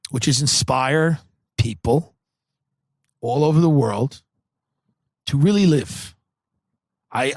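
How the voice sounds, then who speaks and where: Sardonic New comedian, dry studio. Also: male voice, fairly high pitch, no room sound. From Long Island, US. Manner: rambling, sardonic, deadpan absurd. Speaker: comedian podcast host. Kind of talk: comedic podcast monologue.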